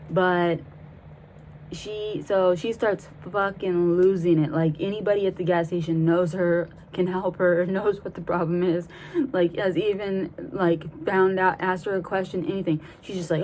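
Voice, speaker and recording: Brief: young woman in her twenties, lowish voice, casual swearing storyteller, faint background noise. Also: steady tone, moderate pace, darkish tone, rough recording. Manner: profane, rambling, laughs while telling. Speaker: vlogger.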